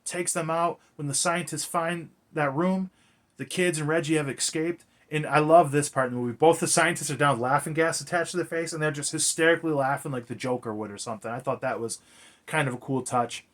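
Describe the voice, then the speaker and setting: A man recaps a film in loose, casual talk, sprinkling in swears and lots of filler words. His voice sits a little on the high side for a man. He rambles from scene to scene with easy enthusiasm. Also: a little fast, a bit bright. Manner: rambling, profane, filler-heavy. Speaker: movie reviewer.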